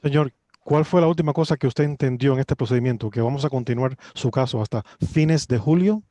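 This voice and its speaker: A man working as court interpreter, relaying the hearing in a brisk, matter-of-fact way over a video call. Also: medium pitch, warm tone, no echo. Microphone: computer mic on a video call.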